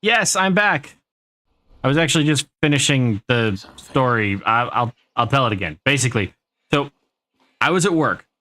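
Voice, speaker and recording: A man's voice: medium pitch, animated, moderate pace, sharp tone. Sweary American man telling stories. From United States. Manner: rambling storyteller, swears freely. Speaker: livestreamer playing a game. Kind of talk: casual live-stream chat.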